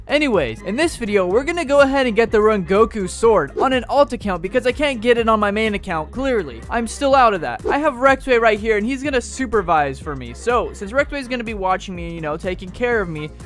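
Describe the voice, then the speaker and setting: A young man giving excited, joking commentary on a game he is playing. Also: high-pitched. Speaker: gaming video host. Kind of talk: gameplay commentary. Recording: faint music behind. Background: background music.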